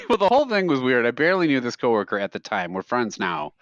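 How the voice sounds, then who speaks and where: A man's voice: mid-range voice, very animated, fast, a bit bright, no room sound. Rambling man telling funny stories. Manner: rambling storyteller who laughs at his own stories. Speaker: podcast co-host. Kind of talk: casual chat. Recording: dry, slightly dull podcast mic.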